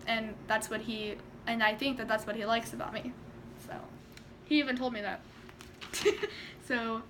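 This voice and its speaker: A young woman telling a story in a casual vlog, chatty and animated, acting out quotes and laughing often. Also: sits high, normal speed, long pauses, a little hiss or hum. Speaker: vlogger.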